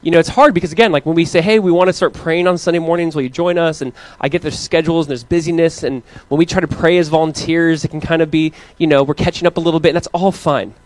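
A man in his thirties preaching a casual, story-driven sermon as pastor, animated and playful as he recounts family moments. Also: fast, few pauses, no echo. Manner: animated storytelling, acting out his kids in high voices. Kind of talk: conversational sermon.

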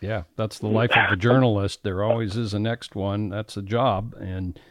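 A man hosting a radio interview, asking questions in a folksy, halting way with many fillers. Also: on the low side, fairly even intonation, no room sound, studio quality. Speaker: radio host.

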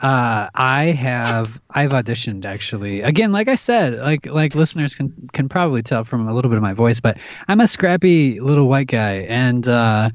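Animated man telling stories, lo-fi. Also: medium pitch, moderate pace, hardly any pauses, no room sound. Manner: animated storyteller with frequent restarts. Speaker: guest, voice actor. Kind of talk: casual podcast chat.

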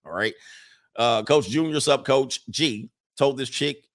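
Man, livestream host, casual commentary, emphatic, conversational, mid-pitched voice, lots of fillers and restarts. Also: measured pace, a bit bright. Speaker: livestream host reading chat.

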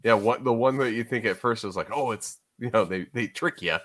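A man's voice: on the low side, brisk, fairly bright tone. A man co-hosting a podcast, chatting casually, swearing freely and laughing as he talks. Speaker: podcast co-host. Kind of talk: casual chat.

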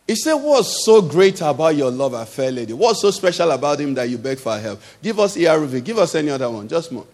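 A man's voice: a little high, sing-song, brisk, few pauses, darkish tone, in a large hall. A male pastor preaching a sermon to his congregation, emphatic, throwing questions out for the crowd to answer. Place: church hall.

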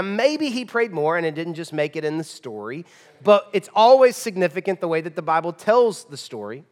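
A man preaching a sermon as pastor, conversational and emphatic, moving between loud and hushed passages in a church. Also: high voice, big-room sound.

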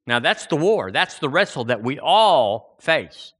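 Guy preaching, voice swings all over, animated sermon. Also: fairly high pitch, a little slow, slightly rough.

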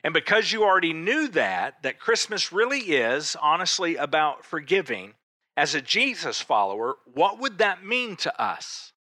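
A man preaching a conversational sermon, asking rhetorical questions and pausing for emphasis. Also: fairly high pitch, very animated, bright, forceful tone, dry recording. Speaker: pastor.

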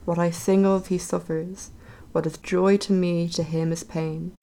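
A woman voicing an earnest, romantic female nightingale in a storybook tale, speaking slowly and with feeling. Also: fairly low pitch, flat delivery, mellow, poor audio. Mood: rapturous. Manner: slow, heartfelt storybook recitation.

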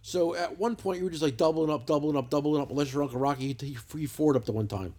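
A man's voice: a little high, fast talker, dark tone. A man hosting a casual podcast, a rambling storyteller who swears constantly. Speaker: podcast host. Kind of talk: casual chat. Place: lounge, lying on a couch.

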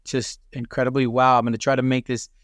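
A man speaks as a podcast guest with a mid-range pitch. He tells his story earnestly and reflectively, often restarting phrases. The recording is dry and close, with no room echo. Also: flat delivery, quick pace, a bit bright. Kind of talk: conversational storytelling.

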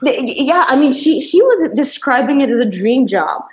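A woman's voice: high voice, big pitch swings, moderate pace. A young adult woman from Kazakhstan, an actress being interviewed, telling stories animatedly with many restarts and bursts of laughter. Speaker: actress guest. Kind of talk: casual interview conversation.

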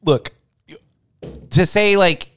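Joking podcast guy talking movies, smooth clean voice, dry close mic. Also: high voice, dry recording. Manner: chatty, joking, quick asides. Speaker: podcast co-host. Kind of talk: casual film discussion.

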